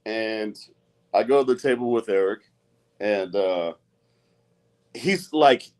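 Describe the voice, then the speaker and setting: A man's voice: fairly low pitch, takes it slowly, a little mellow. A middle-aged man, an arm wrestler, speaking bluntly and with a lot of swearing in a heated live-stream rant. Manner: profane, blunt and agitated.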